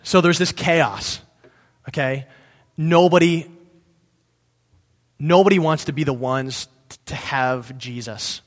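A pastor giving a casual sermon, reading scripture aloud and breaking off to explain it in a conversational way, sometimes correcting himself. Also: male voice, a little high, slow, long pauses. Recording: long reverb in a hall.

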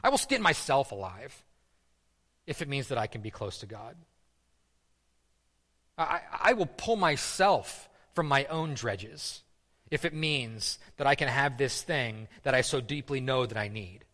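A man's voice: medium pitch, animated, unhurried, bright, forceful tone. A man preaching a sermon in a casual, conversational way, often repeating words and using fillers. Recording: long reverb of a hall.

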